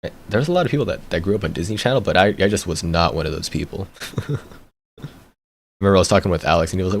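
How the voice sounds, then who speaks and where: A man's voice: deep voice, fast talker, creaky, a little hiss or hum. A young man streamer chatting casually, rambling, repeating words and laughing often. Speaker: VTuber streamer.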